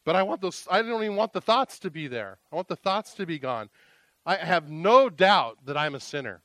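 Male pastor, sermon delivery, emotional and earnest, swings from loud exclaiming to quiet confession, slightly high voice, dry close sound. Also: expressive, moderate pace, no echo.

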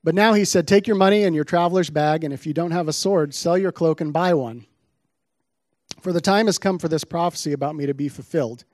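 A man's voice: on the high side, fairly quick, darkish tone, no room sound, clean studio sound. A man giving a sermon, reading scripture aloud with dramatic emphasis on the quoted lines before explaining the passage. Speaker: preacher.

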